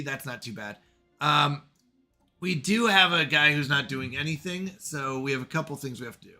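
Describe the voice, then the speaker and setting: A man streaming a strategy game with commentary, animated and scolding himself over a misclick. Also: on the high side. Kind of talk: let's play commentary.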